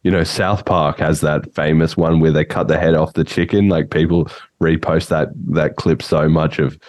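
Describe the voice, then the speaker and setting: A man's voice: a bass voice, level tone, normal speed, darkish tone, dry recording. A man hosting a podcast, chatting casually in a rambling way and laughing often. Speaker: podcast host.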